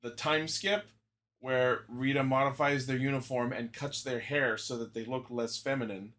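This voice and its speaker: A man co-hosting a casual fan podcast, laying out his points methodically and deliberately. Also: mid-range voice, fairly even intonation, a bit bright. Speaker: podcast co-host.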